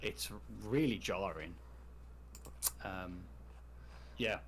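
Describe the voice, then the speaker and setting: A man's voice: deep voice, expressive, extremely slow, background noise. Casual, swearing man on a podcast. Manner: casual, freely swearing, frank opinions. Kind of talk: casual TV discussion chat.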